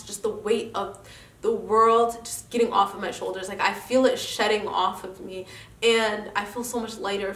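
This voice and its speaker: A woman's voice: mid-range voice, fairly bright tone. Young woman with a congested nose, echoey. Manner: earnest, encouraging, addresses viewers directly. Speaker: vlogger host. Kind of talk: casual motivational faith talk. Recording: echoey room, mic at a distance.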